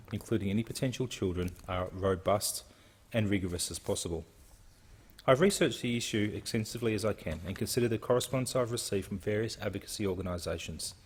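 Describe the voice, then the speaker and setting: A man speaks earnestly in parliament in a lowish, husky voice, pausing now and then to collect his thoughts. The long reverb of a large chamber trails after each phrase. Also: a little mellow. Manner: earnest, reflective, with occasional hesitations. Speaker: member of parliament. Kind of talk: formal parliamentary speech.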